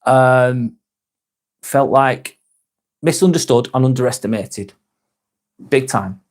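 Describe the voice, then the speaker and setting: A man chats on his live stream, rambling through thoughts and reading viewers' comments aloud. He swears freely and slips into dry sarcasm, with a mid-pitched voice. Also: slow. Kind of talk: casual live-stream chat.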